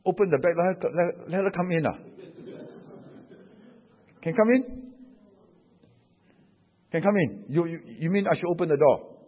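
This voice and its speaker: Animated Singaporean pastor, husky voice. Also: male voice, a little high, measured pace, long pauses. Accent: Singaporean English. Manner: animated storytelling, tags with "huh?" and "you know". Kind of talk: sermon with anecdotes. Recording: dull echoey hall recording.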